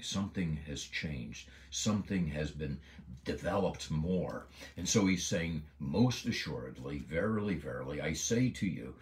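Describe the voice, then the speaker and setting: A man's voice: deep voice, darkish tone. A man giving an earnest devotional Bible lesson, stressing key words with emphasis. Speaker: Bible teacher.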